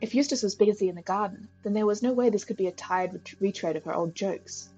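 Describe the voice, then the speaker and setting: A woman streamer reading a visual novel's first-person narration aloud at a steady pace, with small stumbles. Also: mid-range voice, quick pace, breathy edge, faint music behind, low-quality recording.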